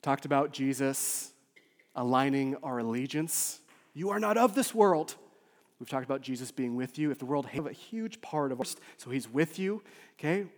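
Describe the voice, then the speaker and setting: A man, a lead pastor, preaching a sermon with emotional swings from loud urgency to soft near-whispers. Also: medium pitch, moderate pace. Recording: long hall reverb.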